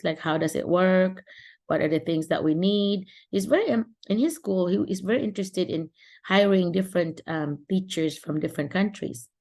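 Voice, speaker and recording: A middle-aged Filipino woman runs an online support session, offering casual advice over a video call with frequent restarts and fillers. Her voice is deep and a little mellow.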